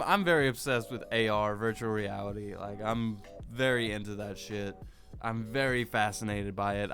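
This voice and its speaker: A man's voice: lowish voice, fairly bright tone. A young man chatting casually in a vlog about a favorite song, rambling with lots of "like" and some swearing. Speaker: vlogger.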